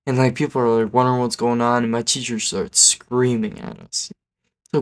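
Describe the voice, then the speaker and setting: A man's voice: medium pitch, flat delivery, normal speed. Man hosting a storytime vlog, rambling and casual, keeps going "okay?". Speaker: YouTuber.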